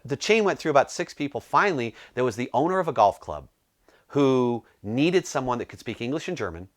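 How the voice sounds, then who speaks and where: A middle-aged man from the United States, a business coach telling a personal story to camera and acting out the dialogue in lively bursts. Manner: animated, acts out dialogue with rising pitch.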